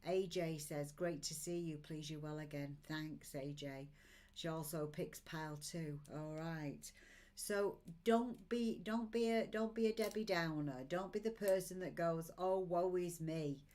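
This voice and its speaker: A woman's voice: low-pitched, measured pace, darkish tone. A woman in her sixties, an oracle card reader on a live stream, encouraging her viewers in an upbeat way and reading out their comments. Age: 60s.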